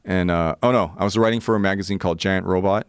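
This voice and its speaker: Man, 40s, lively storyteller, laughs often, low voice, dry close sound. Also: fast talker, clean tone, no echo. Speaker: podcast guest. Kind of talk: casual storytelling.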